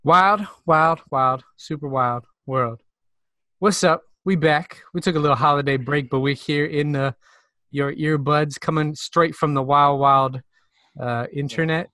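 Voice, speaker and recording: A man's voice: fairly high pitch, steady tone, moderate pace, fairly bright tone, no echo, clean studio sound. A man from South Carolina co-hosting a podcast in a playful, slangy, hyped-up way. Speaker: podcast co-host. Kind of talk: casual chat.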